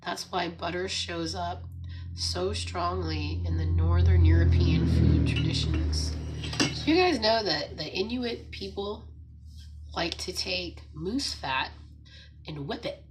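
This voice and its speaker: Hoarse, raspy woman on a livestream. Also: on the low side, animated, takes it slowly, over music. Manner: chatty, laughs often, greets viewers and reads out chat. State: hoarse from laryngitis. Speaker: livestream host. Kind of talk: casual morning livestream chat. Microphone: streaming setup.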